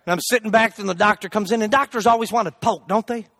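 In a fast, high voice, a man tells a story during a humorous sermon, lively and joking, with loud shouts thrown in. The recording is dry.

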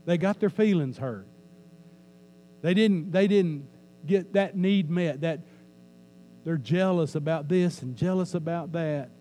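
A man preaching from the pulpit in a relaxed, conversational way, joking with his listeners and repeating lines to drive them home. His voice sits a little high for a man, with a mellow, dark tone. A faint mains hum runs underneath. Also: a little slow, long pauses, poor audio. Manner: conversational preaching with jokes, repeats phrases for emphasis. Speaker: pastor. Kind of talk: sermon. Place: church sanctuary.

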